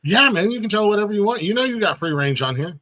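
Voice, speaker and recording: Podcast host guy cracking jokes, bright voice, dry close sound. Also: high voice, expressive, fast, no room sound, highs cut off. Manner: laughs a lot, joking. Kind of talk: casual podcast chat.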